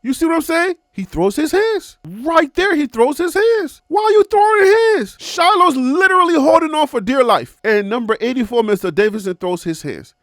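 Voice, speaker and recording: A man hosting a sports commentary channel, breaking down game footage in an animated, casual way and asking viewers rhetorical questions. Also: very high voice, moderate pace, hardly any pauses, no echo, studio quality.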